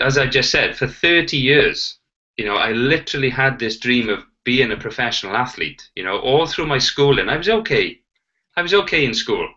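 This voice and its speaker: A Welsh man in his 40s, a Paralympic cyclist, appears as an interview guest. His lowish, bright, forceful voice comes through dull lo-fi audio as he tells stories with animation, acting out quoted dialogue and saying "you know" often.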